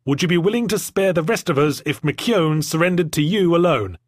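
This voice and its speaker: A man voicing a cold, logical young woman who speaks calmly and formally in an audiobook. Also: a little high, a little fast, no echo, clean studio sound, pitched above the performer's own voice. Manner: calm, formal, detached. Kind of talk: audiobook character voice.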